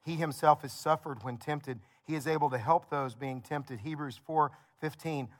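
Male preacher, higher-pitched, chatty storytelling delivery with rhythmic repetition. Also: steady tone, moderate pace. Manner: conversational storytelling preacher, builds with repeated phrases. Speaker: pastor. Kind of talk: sermon.

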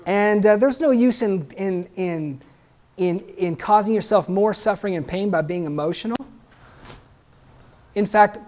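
A man's voice: high-pitched, unhurried, darkish tone. A man preaching a sermon in an earnest, conversational way, often checking in with a questioning "right?" and making small restarts.

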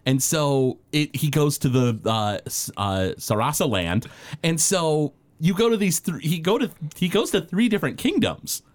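A man chatting casually as a podcast co-host, his pitch rising and falling with lively, animated swings. He rambles through loose sentences full of fillers and restarts. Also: normal speed. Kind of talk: casual chat.

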